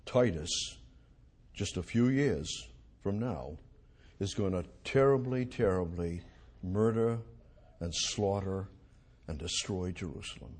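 A man preaching an expository sermon, reading scripture aloud and moving between hushed, slow phrases and loud emphatic lines. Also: low-pitched, slightly rough.

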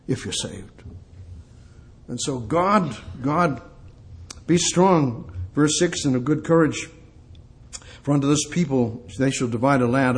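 An older man preaching a sermon, emphatic and repetitive, quoting scripture and putting questions to his listeners. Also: a little high. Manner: emphatic, repeats phrases, quotes scripture, asks the congregation questions.

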